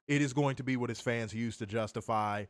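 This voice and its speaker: A man's voice: mid-range voice, a little fast, no room sound. A man with a Chicago accent hosting a casual wrestling review show, ranting and swearing in heated bursts. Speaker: podcast host.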